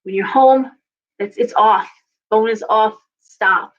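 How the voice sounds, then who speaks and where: A woman's voice: mid-range voice, slow, highs cut off. A woman giving a casual live tarot reading, chatty and coaching, often repeating herself. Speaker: tarot reader.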